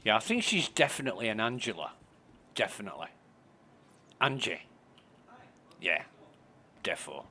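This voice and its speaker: A man's voice: fairly low pitch, sing-song, moderate pace, pauses often, sharp tone, slight background noise. A man commentating casually on his gameplay, thinking aloud, muttering and swearing. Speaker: game streamer.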